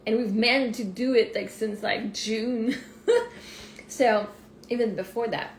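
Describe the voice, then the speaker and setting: A woman speaks in a fairly high voice, rambling and thinking out loud as she coaches on a live stream. She is picked up on a phone mic in a room that echoes around her, and a faint hiss runs under her words. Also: slow, gravelly. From Canada. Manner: rambling, excitable, thinks aloud. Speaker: life coach. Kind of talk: casual live-stream monologue. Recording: roomy echo.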